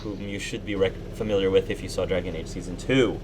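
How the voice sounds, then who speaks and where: Halting male game master narrating. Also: sits low, steady tone, noisy background. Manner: halting, with many restarts and fillers.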